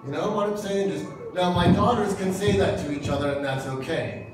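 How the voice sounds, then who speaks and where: Over music, a man in his fifties speaks in a high, brisk voice. He's a pastor giving a funny sermon in a church hall, playfully voicing the characters in short dialogues, and he's picked up from far off in a very echoey room.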